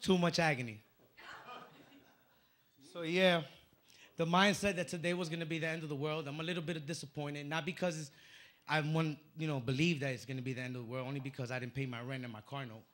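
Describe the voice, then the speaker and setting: A man from the Dominican Republic doing a stand-up comedy set on a club stage into a handheld mic, telling stories with punchy, animated delivery. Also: on the high side, brisk. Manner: punchy, animated storytelling with acted-out voices.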